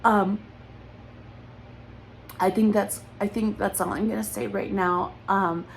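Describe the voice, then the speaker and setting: A woman's voice: mid-range voice, steady tone, slow pace, gravelly, a little hiss or hum, rough recording. Tearful, accusatory woman. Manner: accusatory, repetitive, near tears. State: close to crying. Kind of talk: emotional personal monologue.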